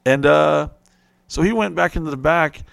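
A young adult man telling a profane, animated story on a podcast, acting out his friends' voices. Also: fairly high pitch, normal speed, gravelly, dry recording. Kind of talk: crude storytelling.

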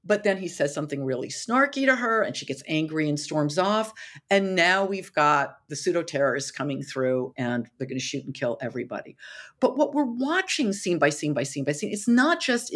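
A woman author, a podcast guest, explaining storytelling with lively retellings of film scenes. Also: sits low, brisk. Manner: animated, acts out dialogue in quotes.

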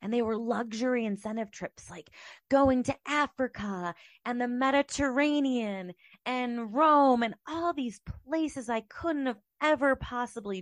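A woman in her thirties telling personal stories in a motivational monologue, animated and acting out her own past reactions. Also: a little high, dry recording.

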